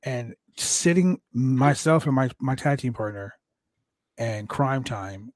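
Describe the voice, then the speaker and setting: A man hosting a podcast, swearing freely as he spins his stories in a loose, casual way. His voice sits at an ordinary middle pitch. The room adds almost no echo, so he sounds close and dry. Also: slow. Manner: profane, animated storyteller. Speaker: podcast host. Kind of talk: casual interview chat.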